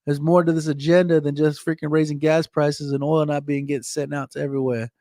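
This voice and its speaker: A man's voice: a little high, flat delivery, a little fast, dark tone, no room sound. Rambling American man on a dry mic. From United States. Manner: rambling, repeats phrases, says man and dude. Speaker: live streamer reading chat. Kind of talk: casual live stream rant.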